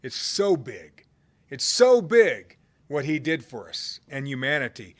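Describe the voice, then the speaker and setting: A man preaching a sermon in a conversational way, swinging from loud cries to hushed low tones. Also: very animated, a little slow. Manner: conversational, with fillers and restarts.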